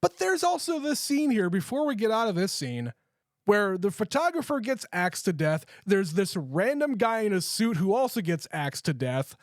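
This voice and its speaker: A man co-hosting a movie podcast, retelling scenes with animated, casual energy and loose swearing. His voice sits high for a man. The recording is close and dry. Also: moderate pace, dry recording. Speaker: podcast co-host. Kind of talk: casual movie review chat.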